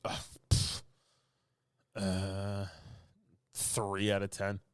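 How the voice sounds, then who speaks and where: A man's voice: deep voice, completely flat delivery, drawn-out words, smooth, no echo, studio quality. A man co-hosting a podcast, casually recapping a movie in a rambling, filler-heavy way and laughing often. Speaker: podcast co-host.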